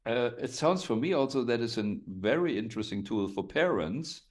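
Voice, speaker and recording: Halting man asking interview questions. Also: mid-range voice, expressive, a little mellow. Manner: halting, with many "uh" fillers while forming questions. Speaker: interview host.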